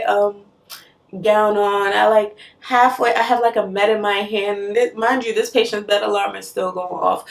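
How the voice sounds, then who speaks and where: Young woman, nurse, storytime vlog, gravelly voice, a bit off-mic. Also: medium pitch, moderate pace, roomy sound, recorded from a distance. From West Africa. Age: young adult. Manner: animated, laughs often, many fillers.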